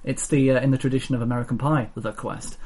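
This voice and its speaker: A man's voice: medium pitch, fairly even intonation, fast talker, a little mellow, slight background noise. A man co-hosting a casual film chat podcast, talking in a rambling, playful way with many fillers. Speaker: podcast co-host.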